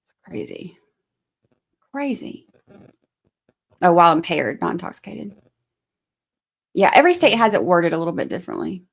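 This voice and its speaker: A woman's voice: fairly low pitch, big pitch swings, moderate pace, gravelly, pauses often. Woman, thirties, livestream host, casual chat, firm and chatty. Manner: firm scolding then chatty explaining. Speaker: livestream host giving trial commentary.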